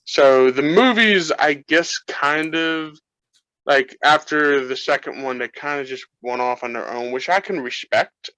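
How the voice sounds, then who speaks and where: A man's voice: a little high, a little slow, pushed and bright, no echo, lo-fi sound. A man co-hosting a casual film chat, rambling with many restarts as an eager game fan. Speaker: co-host.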